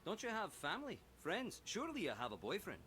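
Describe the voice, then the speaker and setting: A man's voice: high-pitched, huge pitch swings, a little fast. An actor voicing a blunt, teasing local man in a video game. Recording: noisy game audio.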